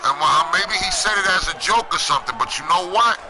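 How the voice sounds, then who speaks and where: A man hosting an online show, ranting loudly in street slang, often shouting and swearing heavily. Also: sits high, expressive, fast, over music, poor audio. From United States. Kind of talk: profane ranting commentary. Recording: noticeable background ambience noise.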